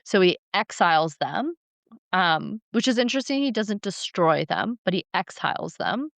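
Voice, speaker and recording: A woman co-hosting a podcast, casually retelling ancient myths with playful, animated flair. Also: mid-range voice, normal speed, vocal fry, dry recording. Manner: animated, acts out characters, playful. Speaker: podcast co-host. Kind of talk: casual storytelling chat.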